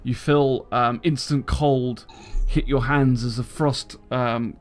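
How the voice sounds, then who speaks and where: A man narrating a tabletop game as dungeon master in a halting way, with lots of ums. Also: mid-range voice, steady tone.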